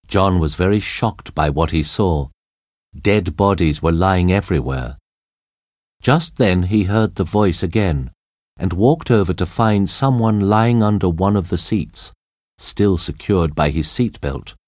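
A man narrating an audiobook chapter in a slow, deliberate, expressive reading. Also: low-pitched, dry recording, studio quality. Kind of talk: scripted narration of a graded reader.

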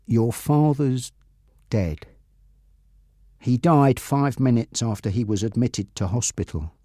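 A man as a quiet, gentle policeman. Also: medium pitch, slow pace, no room sound, clean studio sound, lightly acted. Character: calm adult male police officer.

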